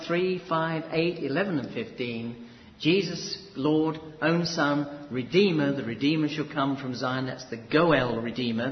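A male preacher teaches scripture in a measured, explanatory way and repeats key words for emphasis. His voice rings out through a large hall with a long echo. The recording sounds dull and slightly muffled, with a faint hiss underneath. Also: medium pitch. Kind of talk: expository Bible teaching.

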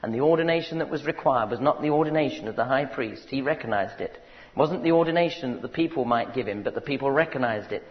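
A man's voice: mid-range voice, fast talker. A man preaching a sermon, telling stories and asking the congregation if they follow him. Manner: storytelling, conversational asides to the congregation. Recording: dull recording with long hall reverb.

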